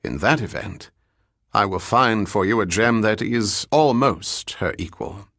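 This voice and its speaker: A suave male gem dealer, smooth with flattery and ceremony in every phrase, as a man reads him. The voice sits low and close, with a dry, unechoing sound. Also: unhurried, no room sound, heavily acted. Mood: courtly. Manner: flowery, ceremonious politeness.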